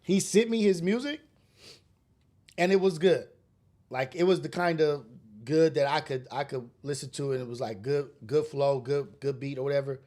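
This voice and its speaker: A man's voice: fairly high pitch, normal speed, darkish tone. A man hosting a solo podcast, ranting bluntly and preachily with street slang and cursing. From raised in a rough urban neighborhood. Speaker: podcast host. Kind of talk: casual solo podcast monologue.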